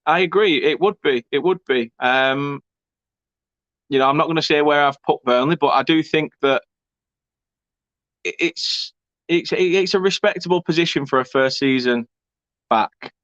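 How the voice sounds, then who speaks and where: Young bloke chatting football on a stream, cheeky n sweary, kinda dull dry mic sound. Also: male voice, fairly high pitch, unhurried, long pauses, fairly bright tone, no echo. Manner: chatty, banter-filled, swearing, laughing asides. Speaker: fan channel host. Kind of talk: casual live-stream chat reading comments.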